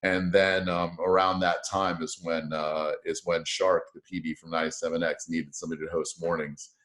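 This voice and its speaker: Man, radio morning host, very low voice, profane and jokey storyteller, casual interview chat. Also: moderate pace. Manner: profane, joking, animated storyteller.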